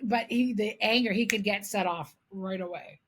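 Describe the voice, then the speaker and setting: This podcast co-host is a Canadian woman in middle age whose mid-range voice moves at a normal pace. She chats casually, spinning lively stories and cursing without restraint.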